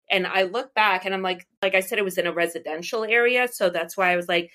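A woman's voice: mid-range voice, steady tone, a little fast, pushed and bright. A middle-aged woman from the United States, an astrologer and psychic medium, telling personal stories in a casual interview, rambling with restarts and laughs.

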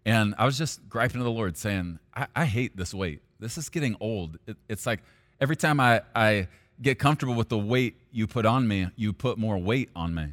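A male pastor preaching a sermon, at times rising to loud, high-pitched intensity. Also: normal speed.

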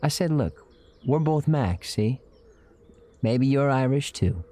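A man's voice: medium pitch, animated, slow, warm tone. An actor playing an earnest young man who narrates his own time-travel adventure in a folksy, colloquial way and stammers when flustered, in old-time radio drama style. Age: young adult. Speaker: narrator and lead character.

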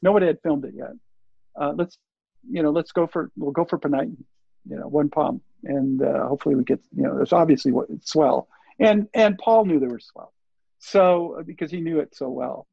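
Slipping into the voices of the people he quotes, an older surf filmmaker rambles animatedly through a casual story as an interview guest. His voice sits a little high with a gravelly, breathy rasp and moves at a moderate pace. The dull lo-fi sound is dry, with no echo.

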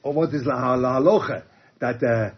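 A man teaching a religious text, reading quotes aloud and explaining them halting restarts. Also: medium pitch, slightly rough. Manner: reads Aramaic and Hebrew quotes then explains in English, halting restarts. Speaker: Torah teacher. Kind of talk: text study lecture. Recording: dull lo-fi recording.

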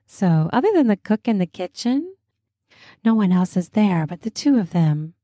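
A woman narrating a story in a slow, soft, intimate way. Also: mid-range voice, sing-song, dry recording, clean studio sound. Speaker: storyteller and host.

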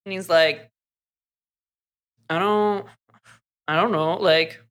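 A woman's voice: lowish voice, fairly even intonation, a bit bright, clean tone. A woman co-hosting a podcast, chatting casually through a book's plot and acting out the characters' lines. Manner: chatty, fast recap full of "like" and acted quotes. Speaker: podcast co-host. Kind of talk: casual book recap.

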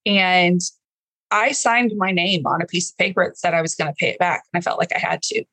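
A woman's voice: lowish voice, brisk, a bit bright, no room sound, low-quality recording. A woman in her thirties from Texas, a guest telling an emotional, earnest personal story in an interview.

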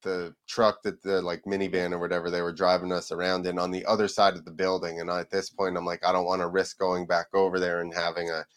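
A man with a fairly low voice sits in as a guest and spins a long, rambling story. He talks casually, drops the odd swear word, and slips into quick impressions of the people he is quoting. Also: monotone. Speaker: podcast guest, freestyle motocross rider.

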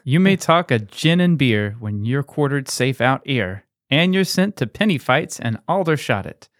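A man's voice: medium pitch, big pitch swings, normal speed, dry recording. A man co-hosting a podcast, reading a poem aloud with a lilting, sing-song rise. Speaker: podcast co-host.

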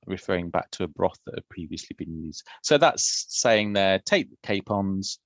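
A man, a food historian, explaining old recipes in a thoughtful, unhurried podcast conversation. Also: low voice, animated, dry recording.

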